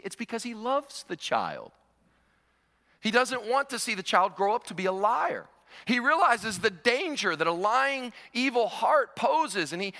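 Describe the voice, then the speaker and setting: A male pastor preaching a sermon to a congregation in a large church, animated, repeating words and chuckling as he goes. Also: sits high. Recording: long reverb of a large hall.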